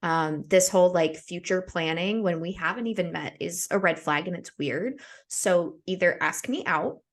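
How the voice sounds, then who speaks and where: Blunt, sassy woman with a low voice. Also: moderate pace. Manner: blunt, sassy and direct, swears. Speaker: podcast co-host. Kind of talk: casual chat.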